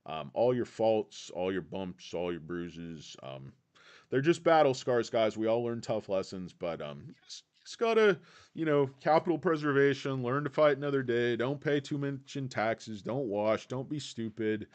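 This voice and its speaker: A man hosts a casual livestream, rambling in a laid-back way as he answers chat, peppering his talk with "guys" and quoting film lines in put-on voices. His voice is mid-range with lively intonation and a moderate pace.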